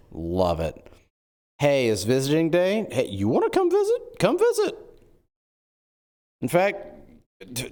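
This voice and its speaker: A man in an in-character role-play stream, talking in an excitable, scheming way. His pitch moves a lot, and he jumps between jokes and plans.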